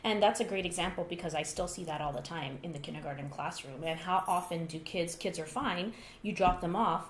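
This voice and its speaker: A woman talks through an interview with animated storytelling, her voice middle in pitch. The room is echoey, with a faint hiss of noise underneath. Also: a little fast, hardly any pauses. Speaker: guest author. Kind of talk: conversational interview.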